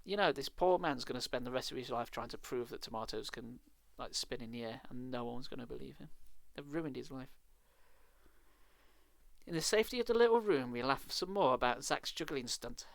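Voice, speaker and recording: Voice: medium pitch, a little fast, creaky, no echo. A streamer reading a children's horror book aloud live, with casual, sarcastic, swearing asides.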